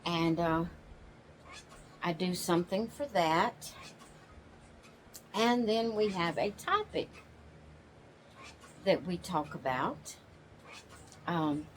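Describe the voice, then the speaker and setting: Slow, drawling woman chatting at home. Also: lowish voice, a little hiss or hum, low-quality recording. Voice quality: slow, drawling, yawns often. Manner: homey, rambling, with restarts. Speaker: channel host. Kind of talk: casual chat. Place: home, sitting in a rocking chair.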